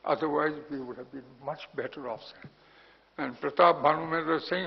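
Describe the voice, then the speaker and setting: An older man with an Indian accent speaks bluntly at a launch event, his voice gravelly and husky. His pitch sits on the high side. The sound is dull and rings with long hall reverb. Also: normal speed. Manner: blunt, grows loud when indignant. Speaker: former national security adviser, speaker. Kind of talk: speech at a report launch. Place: large hotel hall.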